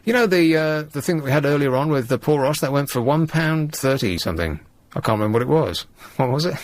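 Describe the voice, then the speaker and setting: A man hosting a late-night radio show, chatting and joking as he rambles through the stories. His pitch moves around a lot, lively and animated. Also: fast, no echo. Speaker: radio host. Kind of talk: casual radio chat.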